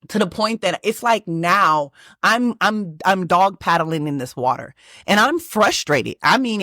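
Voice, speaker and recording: A woman from Texas, hosting her own channel and telling a personal story in a lively, emphatic way with many restarts. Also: lowish voice, dry recording, clean studio sound. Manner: animated, emphatic, lots of restarts and fillers. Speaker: manifestation channel host.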